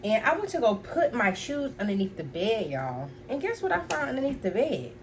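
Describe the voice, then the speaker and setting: A woman's voice: a little high, very animated, normal speed, slight background noise. Chatty young woman telling a storytime. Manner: chatty, full of fillers, addresses viewers as y'all; blunt and profane. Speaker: storytime vlogger. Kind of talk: casual storytelling to viewers.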